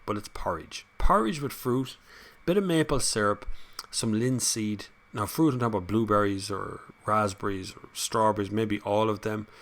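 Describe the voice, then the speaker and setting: An Irish man hosting a casual live chat, reading out viewer comments and rambling on between them with frequent laughs. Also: on the low side. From Ireland. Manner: chatty, rambling, laughs often.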